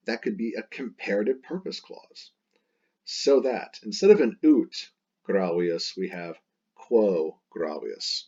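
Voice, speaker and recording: A man's voice: on the low side, lively intonation, takes it slowly, dark tone, slightly rough, lo-fi sound. A man teaching a Latin text in a chatty, playful way, repeating and rephrasing as he explains.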